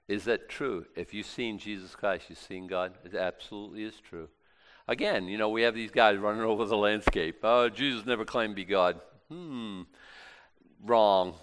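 Low-voiced, emphatic male preacher. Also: unhurried, fairly bright tone, clear, resonant tone. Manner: emphatic, conversational, with frequent restarts. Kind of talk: sermon with scripture reading.

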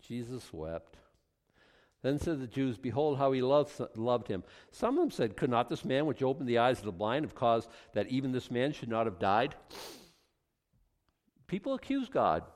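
A man preaching a sermon, reading scripture aloud and commenting on it, at times building to loud, emphatic passages. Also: medium pitch, very animated, moderate pace, in a large hall.

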